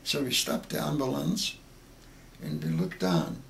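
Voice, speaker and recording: Gravelly older man telling a halting story. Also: mid-range voice, sing-song, a bit bright. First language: Yiddish. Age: 80s. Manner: halting, repeats words, emotional telling. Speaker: interviewee. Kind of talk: oral history interview.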